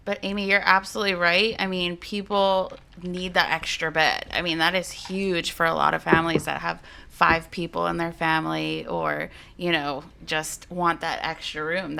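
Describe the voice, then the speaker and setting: A woman co-hosting a podcast in casual chat, animated and acting out her own thoughts. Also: lowish voice, moderate pace, gravelly, a little hiss or hum. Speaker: podcast co-host.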